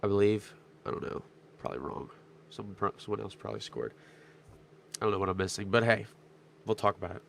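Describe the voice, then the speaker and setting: A young man with a stuffed-up nose, his voice strained from yelling, rambling excitedly through a casual sports recap vlog. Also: on the low side, fast talker, vocal fry, long pauses, a little hiss or hum. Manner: rambling, excitable, many fillers. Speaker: sports vlogger.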